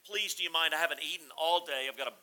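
Man playing a pleading politician, hungry, brisk, bright tone. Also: fairly high pitch. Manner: pleading, then self-important. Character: hungry, pleading male politician, middle-aged.

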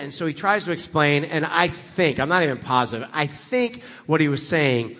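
A man preaching as a guest speaker, telling a story with lively acted-out dialogue. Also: fairly high pitch, moderate pace, in a large hall. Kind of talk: storytelling sermon.

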